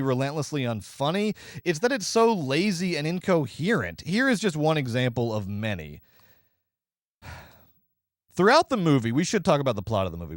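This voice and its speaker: A man co-hosting a movie podcast, riffing sarcastically and quickly through a review. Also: medium pitch, dry recording, clean studio sound. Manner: sarcastic, animated, rapid riffing. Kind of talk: casual movie review chat.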